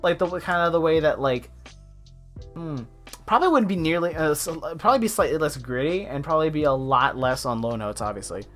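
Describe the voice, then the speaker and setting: Over faint lo-fi music, a young man from the United States streams his art and talks in a chatty, rambling way full of fillers, laughing frequently. He speaks a little fast in a fairly high, animated, slightly bright voice.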